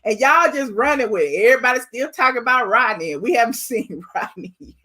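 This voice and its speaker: High-voiced woman host, amused and incredulous. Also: lively intonation, quick pace, sharp tone. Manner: amused and incredulous, laughs often, asks rhetorical questions. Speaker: channel host. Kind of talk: casual commentary reacting to clips.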